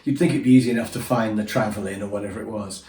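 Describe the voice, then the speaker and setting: A man's voice: lowish voice, steady tone, very fast, warm tone. A man telling his travel stories in a chatty, self-deprecating way, acting out the funny moments. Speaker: storyteller. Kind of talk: casual anecdote telling. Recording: echoey room, voice from a distance.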